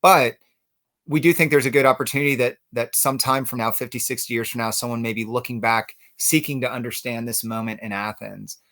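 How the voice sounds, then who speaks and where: A man's voice: medium pitch, fairly even intonation, brisk, a bit bright. A man hosting an interview in a friendly way, passing along viewer comments and asking questions. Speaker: interview host. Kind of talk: hosted interview.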